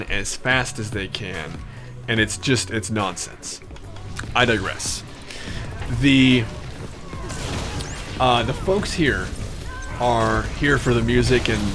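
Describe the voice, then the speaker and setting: A man hosting a podcast, telling a long story in a rambling, profane way with digressions. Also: medium pitch.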